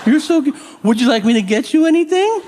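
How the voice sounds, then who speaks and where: A man voicing a gushing caregiver who talks to an old man like a pet, in a high sing-song tone, in a noisy live recording. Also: expressive, fast, darkish tone. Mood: cooing.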